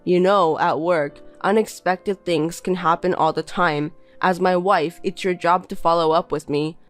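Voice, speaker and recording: A woman's voice: lowish voice, fairly even intonation, a little slow, soft background music, natural voice. A woman voicing a contemptuous young husband who belittles and bosses his wife in a text-message story. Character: scornful insulting young husband.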